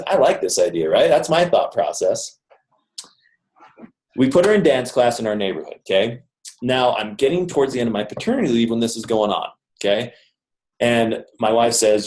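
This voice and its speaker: Man with a low, echoey voice. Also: expressive, moderate pace, darkish tone. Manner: conversational, jokey, keeps checking in with "okay?". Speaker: motivational speaker. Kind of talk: storytelling talk to a live audience. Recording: roomy echo.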